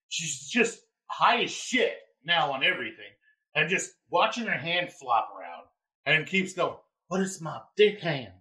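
Animated man telling a wild story. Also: high voice, rough recording. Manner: animated, laughing, yells quoted lines. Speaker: podcast host; former EMT. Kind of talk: casual storytelling.

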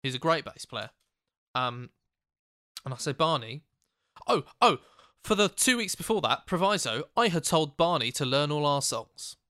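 A man, a podcast co-host, telling an animated, sweary anecdote in casual chat. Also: a little high, normal speed, pauses often, no echo, studio quality.

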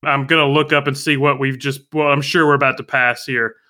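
A man's voice: mid-range voice, level tone, brisk, bright, forceful tone. A man hosting a podcast in casual chat, with wry, playful banter. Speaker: podcast host.

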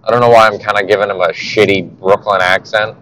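A man's voice: fairly low pitch, fairly even intonation, fairly quick, a bit bright, slight background noise, low-quality recording. A man hosting a casual podcast monologue, rambling and swearing offhandedly, recorded on a headphone mic in a car. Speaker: podcast host.

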